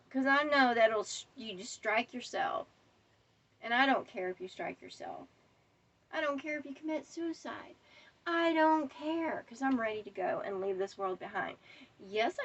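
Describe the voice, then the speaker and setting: A woman's voice: fairly high pitch, lively intonation, normal speed, a bit bright, husky, distant mic, lo-fi sound. A woman delivering a defiant, profane rant straight to camera. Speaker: vlogger. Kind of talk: angry monologue to camera.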